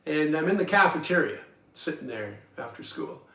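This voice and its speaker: A Toronto man in his seventies hosts a podcast, rambling through folksy personal stories full of chuckles, ums and uhs. His fairly high voice swings widely in pitch at a moderate pace, bright and forceful. A distant mic gives the recording a roomy sound, with faint guitar music behind him.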